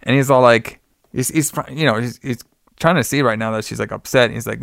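A man's voice: medium pitch, brisk, gravelly, a bit bright, no room sound, studio quality. A man co-hosting a podcast, casually retelling a movie plot in a rambling way full of fillers. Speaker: podcast co-host. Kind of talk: casual movie review chat.

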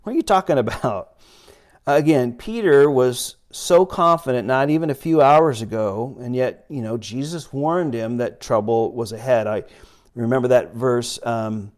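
A man's voice: medium pitch, a little slow, darkish tone. A man giving an informal sermon in a church, conversational and rambling, with many fillers and restarts, reading and retelling scripture. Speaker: preacher.

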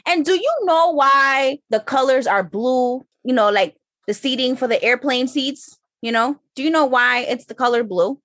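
A woman co-hosting a casual podcast, sharing trivia facts with playful deadpan quips. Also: high-pitched, normal speed, no room sound, studio quality.

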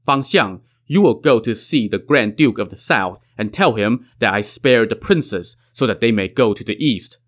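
A man's voice: lowish voice, animated, moderate pace, hardly any pauses. A man reading the lines of a loyal commander caught between duty and mercy, speaking formally. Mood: earnest. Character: loyal military commander, torn and steady.

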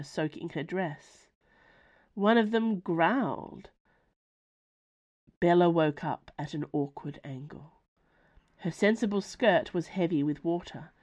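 Woman, author narrating, podcast fiction, wry, measured, slow pace. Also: on the low side, darkish tone. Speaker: author reading her own serial. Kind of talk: audiobook narration.

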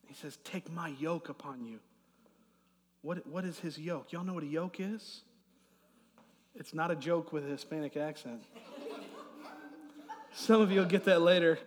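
A middle-aged man preaching a sermon as pastor, swinging from loud emphasis to soft asides. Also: on the high side, unhurried, pauses often. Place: church hall. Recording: long hall reverb.

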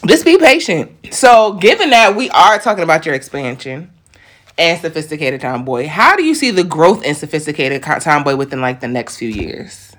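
A woman's voice: sits low, big pitch swings, moderate pace, fairly bright tone. A woman hosting a podcast who is upbeat and encouraging with her guest, talks straight to listeners, and. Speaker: podcast host. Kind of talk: casual podcast interview.

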